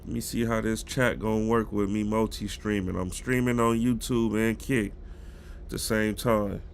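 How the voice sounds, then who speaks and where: A man's voice: fairly low pitch, fairly even intonation, normal speed, vocal fry, a little hiss or hum. A man with a cold and a stuffy nose, chatting casually with his live-stream viewers about football news. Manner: chatty, greets chat viewers directly.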